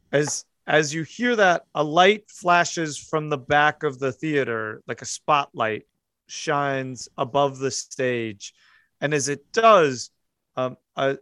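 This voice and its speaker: A man's voice: a little high, fairly bright tone, no room sound, studio quality. A man narrating a tabletop horror game as game master, hesitant, with many fillers and restarts.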